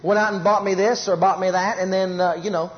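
A high-pitched man delivers a brisk, animated sermon, repeating phrases for emphasis and acting out everyday quarrels. The audio sounds as if the highs are cut off.

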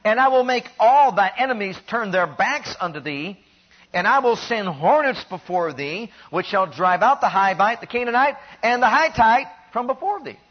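A man preaching a sermon in an animated way, building to emphatic peaks and then dropping low. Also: normal speed. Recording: dull lo-fi recording.

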